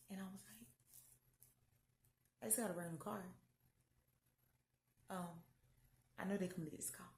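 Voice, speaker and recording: A young adult woman telling a faith story in a casual, animated way, jumping between loud and hushed tones. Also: on the low side, creaky. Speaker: vlogger. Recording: echoey room.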